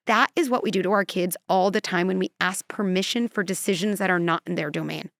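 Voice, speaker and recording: A woman's voice: lowish voice, a little fast, few pauses, a bit bright, dry recording, studio quality. A female clinical psychologist, a guest in a conversational podcast interview, talking animatedly and acting out quotes and little scenarios.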